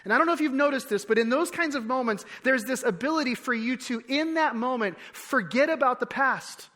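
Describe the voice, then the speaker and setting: A man preaching a sermon as pastor, conversational with repeated phrases and restarts, dropping soft on key lines. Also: very high-pitched, animated, a little fast. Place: church sanctuary. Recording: long hall reverb.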